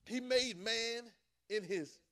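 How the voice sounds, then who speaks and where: High-voiced male preacher teaching scripture, emphatic and repetitive, calls listeners to answer. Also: slow pace, pushed and bright. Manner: emphatic, repeats phrases, calls for responses from listeners. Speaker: preacher teaching a Bible class. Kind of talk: sermon.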